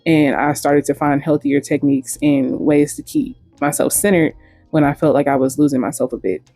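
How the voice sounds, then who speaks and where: Blunt, mellow-voiced woman vlogger. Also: sits low, normal speed, dry recording, faint music behind. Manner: blunt, frank and profane. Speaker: host. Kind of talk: casual commentary vlog.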